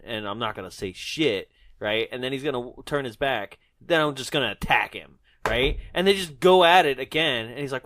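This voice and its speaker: A man's voice: medium pitch, moderate pace, no echo. A man co-hosting a movie podcast in casual chat, laughing often and acting out scenes in quoted voices. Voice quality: animated, laughs often, acts out characters in quotes. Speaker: podcast co-host.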